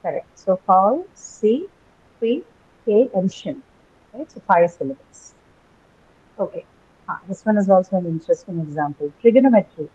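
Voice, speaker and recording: A woman's voice: lowish voice, fairly quick, warm tone, breathy edge. A woman teaching an English class online, patiently repeating words and questioning her students. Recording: tinny phone-like call audio.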